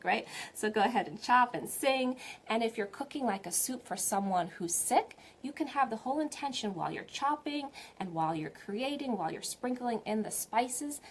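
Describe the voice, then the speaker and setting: A woman spiritual teacher giving a live online talk, gentle and encouraging, often putting questions to her viewers. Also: on the high side, slight background noise.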